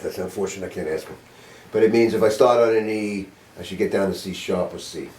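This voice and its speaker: An older man teaching a saxophone master class, his low voice loose and chatty as he demonstrates and cracks dry jokes. He is picked up from across a roomy studio, with a faint hiss underneath. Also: mellow. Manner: casual, demonstrative, joking. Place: music studio with a group. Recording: roomy room, mic at a distance.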